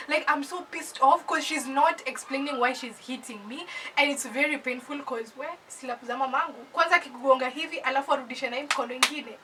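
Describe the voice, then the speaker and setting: A young woman from Kenya with a Kenyan accent, telling a personal story in an animated, casual storytime voice that mixes English with Swahili slang. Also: high voice, brisk, few pauses, distant mic, a little hiss or hum, poor audio.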